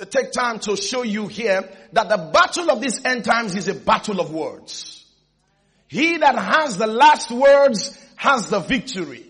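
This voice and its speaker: A male pastor preaching a sermon, calling on his congregation for responses and raising his voice to shouts. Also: high-pitched, husky.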